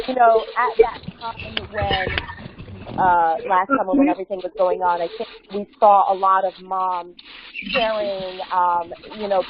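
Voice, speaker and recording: A woman hosting a remote interview, asking questions in a hesitant way with many pauses and fillers. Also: mid-range voice, background noise. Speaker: host. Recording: dull lo-fi call audio.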